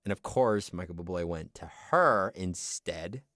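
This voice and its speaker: A man hosting a livestream, telling a story in casual chat, animated and acting out the people he quotes. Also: deep voice, measured pace, no echo, clean studio sound. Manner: animated, acts out quoted voices. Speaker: livestream host.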